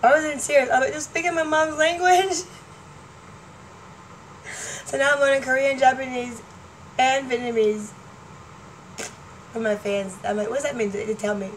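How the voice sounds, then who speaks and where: A woman talks straight to her audience in an excitable, chatty way, her voice sitting a little high. She laughs often as she goes. A faint hum of room noise stays underneath. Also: moderate pace, long pauses, rough recording. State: partially deaf. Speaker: vlogger. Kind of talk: casual chat to camera.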